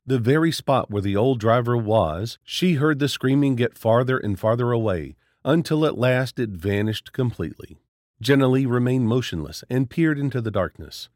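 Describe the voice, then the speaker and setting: A man's voice: mid-range voice, no room sound. Man narrating a horror story, dry close sound. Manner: steady, dramatic storytelling.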